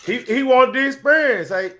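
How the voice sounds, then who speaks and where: A man in casual podcast chat, telling stories in an animated way and laughing mid-sentence. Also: extremely high pitch, normal speed, slight background noise.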